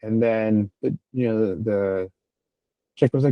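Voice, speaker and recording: Here a podcast co-host with a lowish voice speaks at a normal pace, the lo-fi audio carrying no room sound. He loosely retells a TV episode in casual chat, rambling and full of fillers and false starts.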